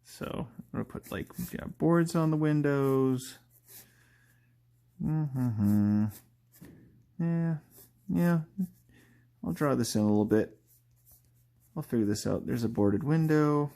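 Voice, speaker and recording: A man's voice: medium pitch, animated, takes it slowly, gravelly, pauses often, warm tone. A man talking casually while he draws live, rambling and thinking aloud, laughing at his own jokes and often trailing off mid-thought. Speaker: artist drawing live. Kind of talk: casual live-drawing commentary.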